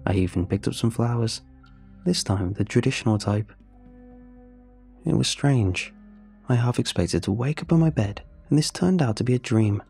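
A man reading a first-person horror story in a steady, measured storytelling voice. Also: mid-range voice, vocal fry, soft background music. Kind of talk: scripted horror narration.

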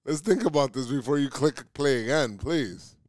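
A man's voice: medium pitch, lively intonation, moderate pace, dry recording, studio quality. A man co-hosting, chatting casually and second-guessing the others while playing a geography game. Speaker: podcast co-host.

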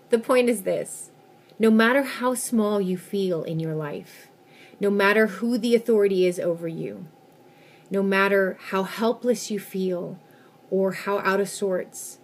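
A woman vlogger telling a personal story to camera in an expressive, emphatic way. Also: medium pitch.

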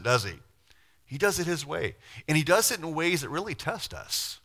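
Middle-aged male pastor, bright forceful tone, chatty animated sermon delivery. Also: fairly high pitch, normal speed. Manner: animated, conversational preaching with sudden loud and quiet swings.

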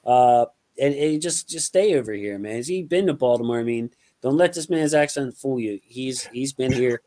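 A man's voice: medium pitch, moderate pace, warm tone. A man chats loosely about football like a podcast host, throwing in slang and calling his guest bro. His voice sits in an ordinary middle register. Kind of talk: casual sports chat.

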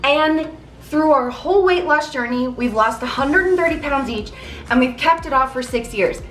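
A woman hosting a casual cooking vlog, bubbly and excited, talking in quick bursts. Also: high-pitched. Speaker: vlog host. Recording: echoey room with faint music.

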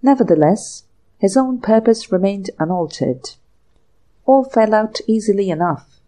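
A woman narrating a classic short story for an audiobook in a measured, even way. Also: medium pitch, rough recording. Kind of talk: scripted narration.

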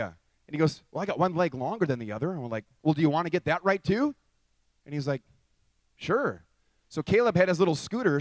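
A man with a fairly high voice tells a testimony as a story, lively and animated. He acts out each side of the conversations he describes. The sound is dry and close, with no room echo. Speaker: minister telling a testimony.

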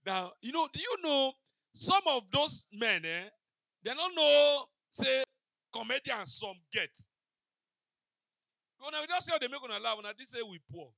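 A man with a very high, creaky voice does stand-up before a live audience, speaking a little slowly with long pauses. Animated and mixing pidgin into his stories, he acts out the dialogue, and the recording has no room sound.

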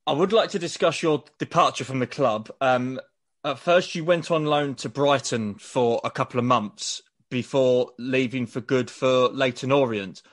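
A man hosting a podcast, asking measured, polite interview questions. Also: medium pitch. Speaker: podcast host.

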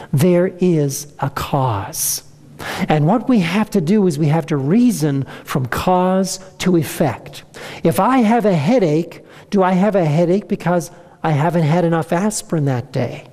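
A man's voice: high-pitched, dark tone, big-room sound. A man giving a health presentation to an audience, asking them rhetorical questions as he teaches. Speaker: health lecturer.

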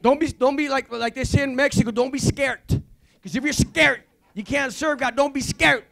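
A man, a visiting pastor, giving a rambling, excitable testimony at a church service, full of restarts. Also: very high voice, moderate pace, vocal fry. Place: church sanctuary.

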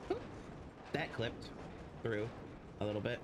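Man, streamer, casual gameplay commentary, rambling, swears freely, mid pitch, noisy background. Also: expressive, measured pace.

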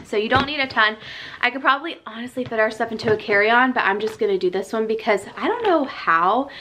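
A woman's voice: a little high, sharp tone, slight background noise. A young adult woman vlogging in a casual, chatty way, out of breath, laughing often and filling her talk with "like" and "um". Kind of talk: casual vlog chat.

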